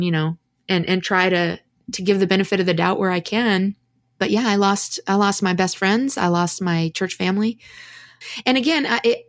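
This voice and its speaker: A middle-aged woman speaks as a podcast guest, recounting her story openly and reflectively. Her voice sits at a middle pitch for a woman and the recording is close and dry, with no room sound. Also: no room sound. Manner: candid, reflective, with restarts and rueful laughs. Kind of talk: conversational storytelling.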